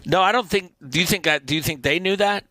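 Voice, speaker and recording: A man guesting on a podcast, telling animated, profane band stories in casual chat. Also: high voice, quick pace. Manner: animated, profane, acts out quotes in loud voices. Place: podcast studio.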